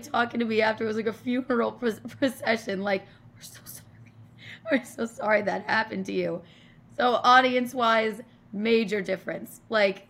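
A woman comedian in casual conversation tells a story with lots of energy, swears freely and laughs as she talks. Her voice sits at a mid pitch. She sounds like a podcast guest recounting a rough night on stage. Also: a bit bright.

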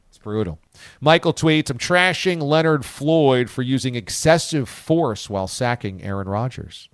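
A man's voice: mid-range voice, animated, unhurried, clear, resonant tone, no room sound, studio quality. A man hosting a sports radio show, reading listener tweets in casual banter and laughing often.

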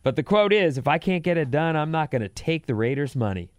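A man co-hosting a talk show, bantering and reading out news items with a dry, sarcastic wit. His voice is smooth and resonant. The sound is close and dry, as from a studio mic. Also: fairly high pitch, animated, fairly quick, no echo. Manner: wry, sarcastic. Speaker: radio show co-host.

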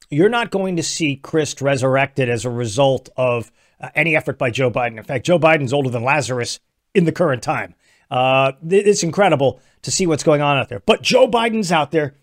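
Sarcastic man in a political monologue. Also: fairly high pitch. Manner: sarcastic, mocking, animated. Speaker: political commentary host. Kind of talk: opinion monologue.

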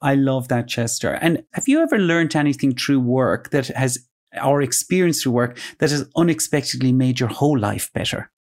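A man's voice: mid-range voice, expressive, normal speed, a little mellow. A man hosting a podcast interview, upbeat and full of praise for his guest. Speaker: podcast host.

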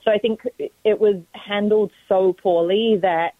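A woman's voice: mid-range voice, measured pace, dry recording. British woman guest on a tinny phone line. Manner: relaxed, agreeable, says like often. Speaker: guest, company executive. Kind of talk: radio interview.

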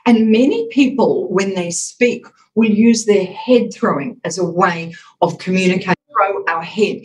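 A woman's voice: medium pitch, poor audio. A woman, a communications expert, explaining with emphasis in a podcast interview and acting out voice examples as she talks. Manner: emphatic, demonstrative, acts out voice examples.

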